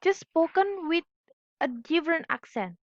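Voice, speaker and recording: Young woman student, first language Indonesian, high voice, slow halting read, dull dry recording. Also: animated, no echo. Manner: careful, halting, corrects her own slips. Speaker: student presenter. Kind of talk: reading a class presentation.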